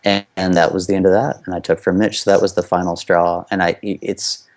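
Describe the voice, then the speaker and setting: This interview guest is a US man and former competitive skater with a low voice that barely moves in pitch and a slightly fast pace. Candidly recounting a personal story, he strings together loose, run-on sentences packed with fillers.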